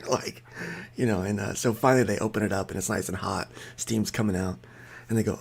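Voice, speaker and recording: A man's voice: lowish voice, fairly quick, creaky, fairly bright tone, slightly rough. A man casually telling a funny story on a podcast, laughing as he goes. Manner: joking, laughs mid-story.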